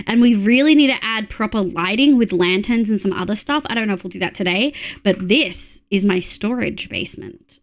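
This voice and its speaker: A young Australian woman chatting casually while live-streaming a game, excitable and swearing freely. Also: medium pitch.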